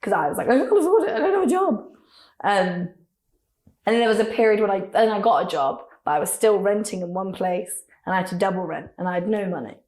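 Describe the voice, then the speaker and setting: A young woman, a radio presenter, chats through personal stories in a lively, laughing way, slipping into quoted voices. Her voice sits at an ordinary pitch. The room around her rings with an echo. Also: quick pace. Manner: chatty, laughing, animated storytelling with acted quotes. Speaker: radio presenter, interview guest. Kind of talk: casual interview chat. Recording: echoey room.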